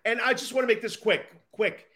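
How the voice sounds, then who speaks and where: A man chats as co-host of a baseball podcast, his voice pitched high with a bright, forward edge. He stumbles and restarts freely and pokes fun at his own blunders. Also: brisk. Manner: stumbling, self-deprecating, chatty. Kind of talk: casual podcast chat.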